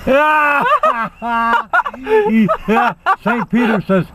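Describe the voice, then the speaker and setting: A man's voice: mid-range voice, expressive, moderate pace, pauses often, very noisy. An older man telling jokes casually, rambling and chuckling at his own punchlines. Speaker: joke teller.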